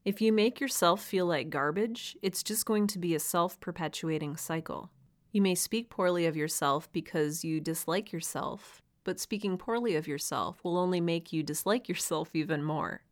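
A woman's voice: lowish voice, normal speed. Earnest woman podcasting to writers. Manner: earnest, encouraging, laughs lightly now and then. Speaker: podcast host. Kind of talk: solo podcast talk to writers.

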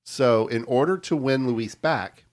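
A man's voice: medium pitch, measured pace. A man co-hosting a podcast, steadily reading out a crime story in casual chat and stumbling over hard names. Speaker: podcast co-host telling the story.

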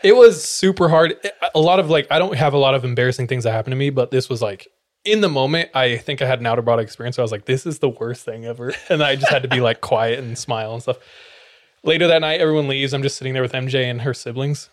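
A man's voice: mid-range voice, fast. A young man, a podcast host, telling a funny personal story in casual chat, laughing often and swearing freely.

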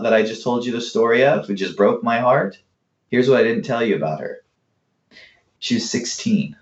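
A man working as a fitness coach, telling client stories in a lively, casual way and acting out both sides of the talk. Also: mid-range voice. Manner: animated, acts out client conversations. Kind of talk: casual storytelling interview answer. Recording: roomy, dull lo-fi sound.

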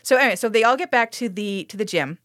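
A woman's voice: medium pitch, animated, fast talker, a bit bright, dry recording, studio quality. A woman podcast co-host recapping a TV episode in casual chat, sarcastic and profane, with plenty of fillers.

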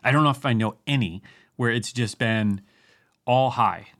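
A man co-hosting a casual podcast, slowing down to stress scripture quotes and rambling easily in between. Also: mid-range voice. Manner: slow, emphatic when quoting scripture; relaxed, rambling. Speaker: podcast co-host.

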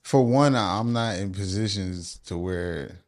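A man's voice: low voice, unhurried, darkish tone. A man co-hosting a casual podcast chat, talking in a laid-back, slangy way. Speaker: podcast co-host.

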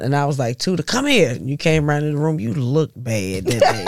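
A middle-aged woman, a mother, telling family stories in a casual, animated way, swearing freely and laughing as she goes. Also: low-pitched, fairly quick, few pauses, no echo. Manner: animated, profane storytelling with laughs. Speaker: mother of the guests, podcast guest.

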